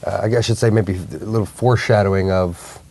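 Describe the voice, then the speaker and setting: A man co-hosting a casual TV recap podcast, rambling and halting, laughing mid-sentence. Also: deep voice, a little mellow. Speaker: co-host.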